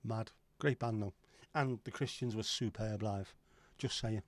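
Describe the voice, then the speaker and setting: A man's voice: lowish voice, steady tone, a little slow, dry recording. A middle-aged man hosting a casual livestream, rambling, swearing now and then and answering chat comments. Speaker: livestream host.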